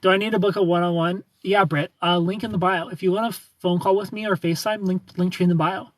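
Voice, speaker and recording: A man's voice: high-pitched, fairly even intonation, fast, dry recording. A young man from the United States with a Southern accent, hosting a casual livestream and playfully greeting viewers by name. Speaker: livestream host. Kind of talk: casual chat with live viewers.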